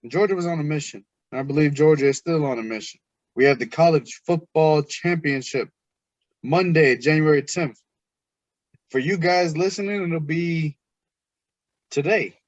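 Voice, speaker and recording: A man hosts a casual sports podcast in a slightly raised, animated voice, teasing the others. The recording is dry and somewhat lo-fi, with muffled highs. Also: moderate pace, no echo. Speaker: podcast host.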